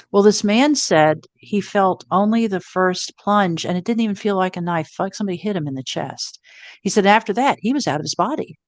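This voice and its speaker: A woman in her sixties telling a personal story as an interview guest, animated, acting out quoted thoughts with self-mocking humor. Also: lowish voice, no echo. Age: 60s.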